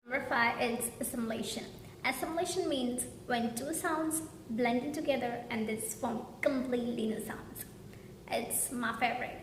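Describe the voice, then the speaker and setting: Woman teaching pronunciation in an echoey room. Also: a little high. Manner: earnest, slow demonstrating of example words. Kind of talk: casual pronunciation lesson. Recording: echoey room with faint background hum.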